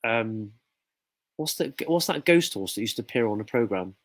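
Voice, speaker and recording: A man's voice: medium pitch, animated, normal speed, no room sound. Chatty man hosting a quiz. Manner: chatty, reads out viewer comments, jokey. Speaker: quiz host. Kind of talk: casual live quiz chat.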